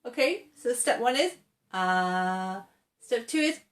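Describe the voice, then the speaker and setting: A woman teaching English pronunciation, speaking in a slightly high voice at a very unhurried pace. She is patient and deliberate, repeating example words slowly and checking in with the viewer as she goes. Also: lively intonation. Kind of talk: slow, clear pronunciation lesson to camera.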